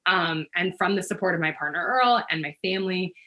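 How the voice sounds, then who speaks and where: A woman guest on a podcast, a yoga teacher, telling stories in an animated, rambling way full of fillers. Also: on the low side, a little fast. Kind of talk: casual interview conversation.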